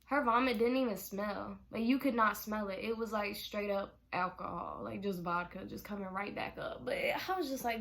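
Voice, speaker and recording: A young woman telling a casual storytime vlog in an animated, exasperated way, swearing freely. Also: medium pitch, normal speed, vocal fry, few pauses. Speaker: vlogger.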